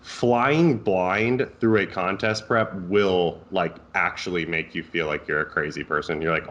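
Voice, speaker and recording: Male coach co-host, lowish voice, laid-back and jokey, casual podcast talk. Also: unhurried, hardly any pauses, dull audio. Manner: joking, relaxed, easygoing.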